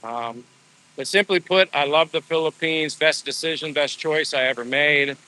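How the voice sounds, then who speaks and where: A man's voice: a little high, steady tone, normal speed, bright, forceful tone, low-quality recording. A man in his fifties from the USA, chatting casually in a live stream while out walking, friendly and rambling with lots of fillers. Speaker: vlogger. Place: outdoors on a walk. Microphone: phone at arm's length.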